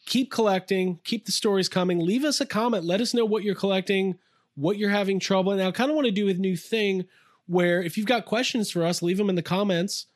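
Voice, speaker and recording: Guy co-hosting a chill podcast, kinda high voice, rambles and cuts himself off a lot, dry close sound. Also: brisk, no echo. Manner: rambling, self-interrupting, laughs easily. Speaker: podcast co-host. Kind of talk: casual chat.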